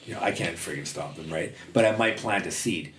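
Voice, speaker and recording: Deep-voiced guy, podcast guest, blunt storyteller who swears a lot. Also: a little fast, a bit bright, a little hiss or hum. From western Canada. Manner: blunt, swears freely, many fillers. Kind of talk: casual storytelling interview.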